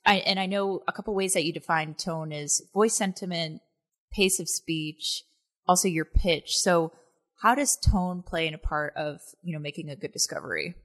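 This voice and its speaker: A woman's voice: on the low side, normal speed, fairly bright tone. A woman hosting an interview, chatty and casual, asking questions with many fillers. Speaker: interview host.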